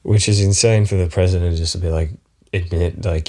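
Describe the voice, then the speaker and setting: Australian male podcast host, very low voice, loose profane comedic monologue. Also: fairly even intonation, brisk, mellow. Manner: rambling, profane, chuckling often.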